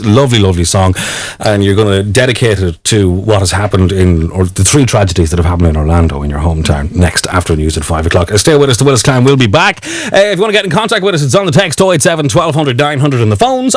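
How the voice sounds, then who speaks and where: A man's voice: lowish voice, no echo. A man with an Irish accent hosting a live radio interview, chatty and joking with lots of fillers. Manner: chatty, jokey, many fillers. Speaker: radio host.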